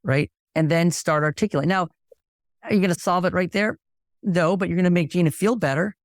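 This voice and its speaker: A man, a podcast guest, telling a story in casual conversation and acting out the dialogue with lively energy. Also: high-pitched, fairly quick, dry recording, clean studio sound.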